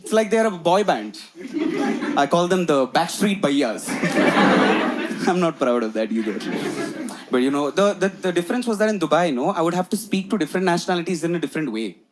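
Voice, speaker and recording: A young man doing a stand-up set, chatty and teasing the crowd with quick asides. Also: on the high side, animated, slight background noise. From United Arab Emirates. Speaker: stand-up comedian. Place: comedy club stage before a live audience. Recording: loud audience laughter throughout.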